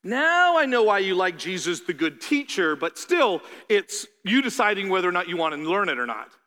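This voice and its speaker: Animated pastor preaching in a reverberant hall. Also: male voice, sits high, moderate pace. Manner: animated, acts out voices of listeners. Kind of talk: sermon.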